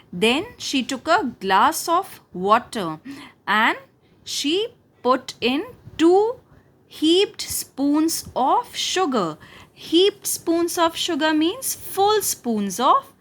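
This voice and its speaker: A woman's voice: sits high, a bit bright. A woman teaching young children. She reads a textbook story aloud and explains it, asking questions and then answering them in a sing-song way.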